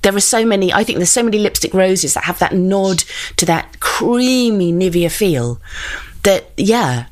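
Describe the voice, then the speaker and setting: Southern English woman, podcast co-host, mid-pitched, animated, quick to laugh. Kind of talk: casual chat.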